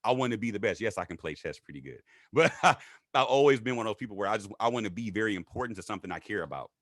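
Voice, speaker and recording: A man telling his story in a casual interview, animated and acting out what others said in raised voices. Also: very fast, dry recording, clean studio sound. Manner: animated, acts out quotes in high voices. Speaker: guest.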